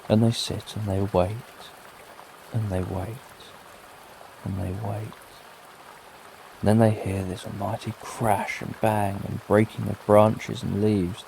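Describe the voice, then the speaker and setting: Gravelly British man telling sleep stories. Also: fairly low pitch, flat delivery, slow, background noise. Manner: gentle, repetitive, lulling. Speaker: sleep story narrator. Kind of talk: slow soothing bedtime storytelling. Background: soft rain.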